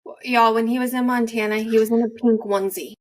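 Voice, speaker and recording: A woman's voice: a little high, fairly even intonation, fast. A woman hosting a podcast interview, speaking conversationally with encouraging remarks. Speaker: podcast host.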